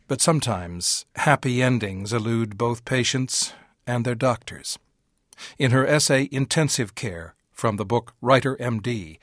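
A male radio host reading a scripted introduction and asking interview questions in a smooth, even broadcast manner. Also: medium pitch, dry recording, clean studio sound.

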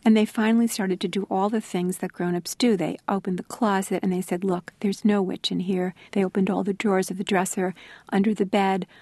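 A middle-aged woman, an author being interviewed, telling stories in a thoughtful, soft-spoken way that sometimes sinks to a near-whisper. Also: medium pitch, level tone, fairly quick, dry recording. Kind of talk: reflective interview storytelling.

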